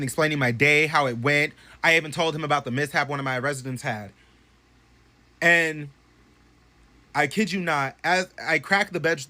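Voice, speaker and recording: A young man casually telling a story to his phone camera at home, animated and profane, swinging from loud bursts to hushed asides. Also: a little high. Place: bedroom at home.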